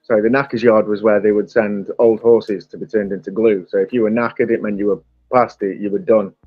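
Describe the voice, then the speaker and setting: A man's voice: fairly low pitch, level tone, brisk, no echo, faint music behind. Staffordshire man, dry dull mic. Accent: Staffordshire English. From England. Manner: chatty, rambling, enjoys accents. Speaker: host. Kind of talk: casual chat.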